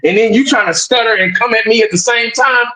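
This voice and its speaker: A man's voice: very high voice, a little fast, reverberant, a crowd in the background, poor audio. A man ranting bluntly in heated casual sports talk over a video call, repeating himself and tagging lines with "man". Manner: blunt, repetitive, animated ranting with frequent "man".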